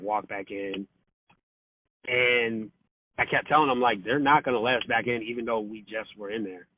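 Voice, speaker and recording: Over a tinny, dry phone line with slight background noise, a podcast guest with a fairly low-pitched male voice tells a casual story. He swears freely, leans on lots of fillers, and acts out the quotes.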